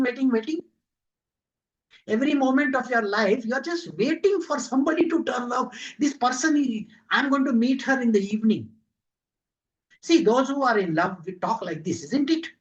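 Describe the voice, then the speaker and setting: A man's voice: very high-pitched, highs cut off. A man teaching spiritual devotion in a conversational talk, full of rhetorical questions.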